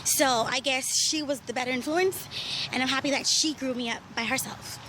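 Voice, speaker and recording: A woman's voice: sits high, normal speed, bright, forceful tone. A young Bahamian woman talking candidly in a casual vlog while walking uphill outdoors in the heat, a little out of breath. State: slightly out of breath. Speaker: vlogger. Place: outdoors in hot sun. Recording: noisy outdoor background.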